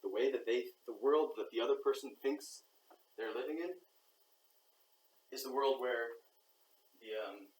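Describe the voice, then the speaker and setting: Man, mid pitch, reflective unscripted monologue acting out quick reactions; distant mic in an echoey room. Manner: thinking aloud, acts out quoted reactions. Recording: roomy echo, far from the mic, faint background noise.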